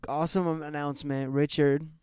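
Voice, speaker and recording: A man's voice: on the high side, flat delivery, moderate pace, a little mellow, clean tone, dry recording, clean studio sound. Young man swearing in casual chat. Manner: swears freely, laid-back. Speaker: podcast co-host.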